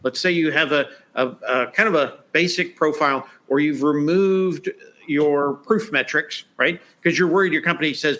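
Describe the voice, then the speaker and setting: A man's voice: a little high, normal speed, fairly bright tone. A man guest on a podcast interview, talking casually with lots of "you know" and "right?". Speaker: guest expert.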